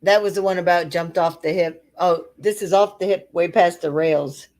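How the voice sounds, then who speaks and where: A woman's voice: fairly low pitch, moderate pace, a little mellow. A woman co-hosting a casual livestream, cracking bawdy jokes and laughing constantly. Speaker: livestream co-host.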